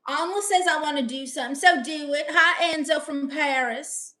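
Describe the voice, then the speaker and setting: A woman's voice: high voice, normal speed, bright, forceful tone. A young woman live-streaming, reading viewer comments aloud and firing back sassy, brash comebacks.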